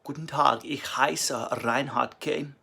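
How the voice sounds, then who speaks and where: A man voicing a leering, suave German man with a German accent, in a hushed, drawn-out delivery. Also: medium pitch, fairly even intonation, vocal fry, breathy edge, exaggerated voice.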